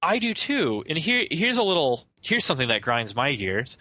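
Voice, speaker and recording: A man's voice: fairly high pitch, very animated, normal speed, pushed and bright. A man co-hosting a casual film podcast, rambling and hesitant, often trailing off with "I don't know.". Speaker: podcast co-host.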